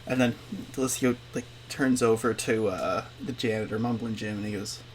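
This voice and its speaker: A man's voice: fairly low pitch, fairly even intonation, moderate pace, a little hiss or hum. A man narrating a tabletop game as game master, casual and full of fillers.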